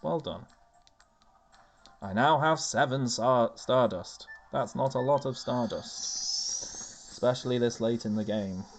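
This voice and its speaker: A man's voice: mid-range voice, takes it slowly, pauses often, soft background music. A man giving casual, chatty gameplay commentary as a let's-play host, self-mocking and wry.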